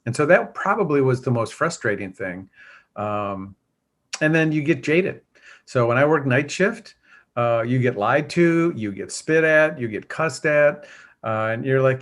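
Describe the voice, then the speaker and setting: A man's voice: mid-range voice, expressive, measured pace, a bit bright. A man, a former police officer now starting a church, speaking earnestly and reflectively as an interview guest. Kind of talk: conversational interview.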